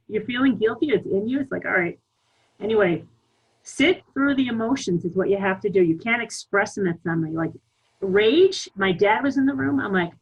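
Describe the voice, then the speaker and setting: Husky-voiced woman on a spiritual call. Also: mid-range voice, lo-fi sound. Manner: candid and animated, with frequent laughs. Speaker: spiritual teacher on a live group call. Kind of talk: casual spiritual talk. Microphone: online group call.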